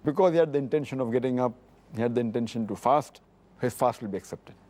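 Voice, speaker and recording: A man's voice: mid-range voice, warm tone. A middle-aged man, an Islamic scholar, explaining religious rulings and carefully citing hadith by book and number. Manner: measured, cites hadith numbers precisely, repeats points. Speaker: Islamic scholar answering questions.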